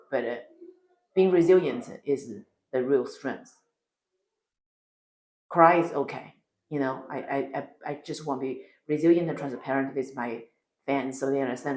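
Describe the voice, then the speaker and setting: Woman, Chinese accent, low pitch, blunt and emphatic, echoey room. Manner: blunt and emphatic, swears freely. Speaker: comedian. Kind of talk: interview answers.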